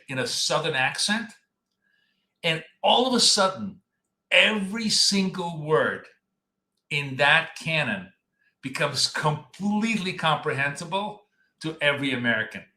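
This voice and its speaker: A man's voice: fairly high pitch, pushed and bright. A man hosting a live trading stream, chatting casually and rambling as he talks straight to his viewers. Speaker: trading coach and stream host. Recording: echoey room.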